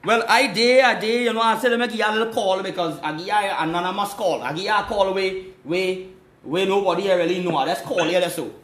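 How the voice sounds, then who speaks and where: A man's voice: sits high, fairly even intonation, fast talker, fairly bright tone, roomy sound. A man, hosting a live call-in stream, talking in an agitated, repetitive way. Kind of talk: casual live call-in chat.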